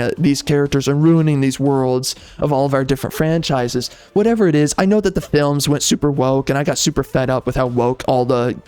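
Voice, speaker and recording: A man's voice: medium pitch, darkish tone, clean tone, no echo. A man giving a ranting video game review, exasperated and emphatic, repeating himself and tossing in slang and fillers. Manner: frequent filler words and restarts, casual slang.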